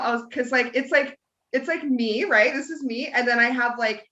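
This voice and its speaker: A woman comedian telling a story in casual podcast chat, animated in her delivery. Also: fairly high pitch, moderate pace. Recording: echoey room, dull lo-fi sound.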